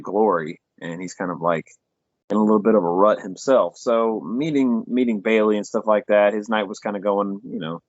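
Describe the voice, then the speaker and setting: A man's voice: deep voice, no echo. A man co-hosting a film review podcast, rambling through the plot with acted-out quotes and casual swearing. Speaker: podcast co-host. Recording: dull lo-fi dry podcast sound.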